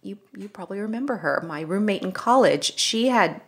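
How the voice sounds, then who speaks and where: A middle-aged woman co-hosting a health podcast, explaining things in a casual, conversational way that turns animated when she tells a story. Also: medium pitch, fairly quick. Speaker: podcast co-host, health practitioner.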